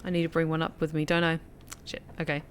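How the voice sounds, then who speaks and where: A woman's voice: low voice, level tone, fast, very noisy. A woman streamer chatting casually through live gameplay, thanking viewers by name. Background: music.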